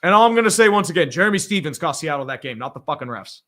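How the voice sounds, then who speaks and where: A man hosts a live reaction stream and talks in a blunt, profane, opinionated way. His voice sits a little high for a man and has a bright, forceful edge. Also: animated. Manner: blunt and profane, quick opinions, frequent laughs. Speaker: livestream host reading viewer donations.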